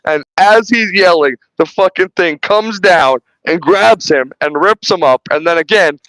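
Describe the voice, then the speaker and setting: A man's voice: high voice, measured pace, a bit bright, no room sound, poor audio. A man hosting a podcast, retelling film scenes in casual, rambling chat full of restarts and swearing. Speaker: podcast host reviewing a film.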